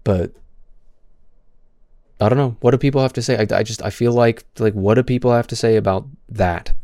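A man's voice: mid-range voice, steady tone, moderate pace, warm tone, no room sound, studio quality. A man in his twenties who stutters, giving impassioned stream commentary with frequent restarts and repeated words.

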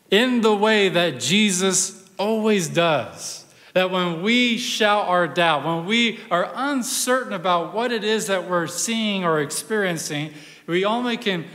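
High-voiced man preaching in echoing hall. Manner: conversational, animated storytelling with asides. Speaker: pastor. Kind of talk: sermon.

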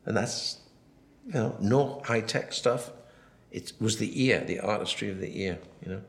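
Deep voiced man rambling through a film commentary, acts out the dialogue, roomy echo. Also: measured pace, gravelly. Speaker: film director.

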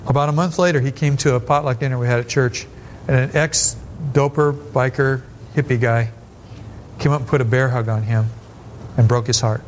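A man in his seventies, a pastor giving a blunt sermon full of personal stories, quick asides and rising emphasis. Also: mid-range voice, fairly even intonation, a little hiss or hum.

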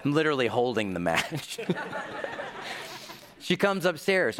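A man preaching a sermon, telling a childhood story with acted-out voices and a lively delivery. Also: mid-range voice, unhurried, pauses often. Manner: animated storytelling with acted-out quotes. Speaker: pastor. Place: large hall. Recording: reverberant hall.

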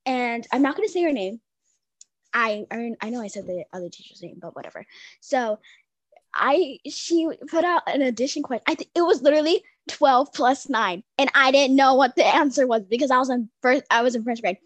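Young female co-host, high pitch, chatty storyteller with lots of fillers, dry recording. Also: brisk, dry recording. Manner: rambling storytelling with many fillers and restarts. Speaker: podcast co-host. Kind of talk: casual chat.

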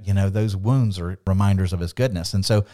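Casting: Bible-podcast co-host, a man with a low voice, earnest and animated, who acts out the scripture he quotes. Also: brisk. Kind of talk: Bible study discussion.

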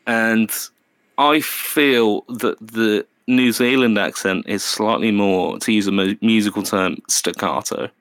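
A man with a Birmingham English accent hosting a casual podcast chat, halting and restarting as he talks. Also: on the low side, steady tone, fairly bright tone, dry recording. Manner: hesitant, full of restarts.

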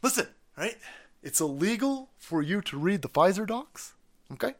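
A man's voice: high-pitched, big pitch swings, normal speed. A man impersonating a smug, condescending male cable news anchor. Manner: condescending, lecturing.

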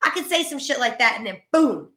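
A woman's voice: a little high, lively intonation, a little fast, a bit bright, reverberant. A woman co-hosting a podcast, venting about an argument in an exasperated way, with frequent swearing. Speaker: podcast co-host. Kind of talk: casual ranting chat.

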